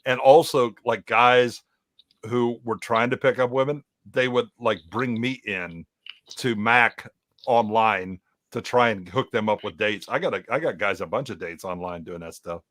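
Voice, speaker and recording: A man's voice: mid-range voice, a little slow, fairly bright tone, dry recording, clean studio sound. A man telling rambling, jokey stories in casual chat as a panelist on a live reaction stream. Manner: rambling storyteller, loose and jokey. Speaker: podcast panelist.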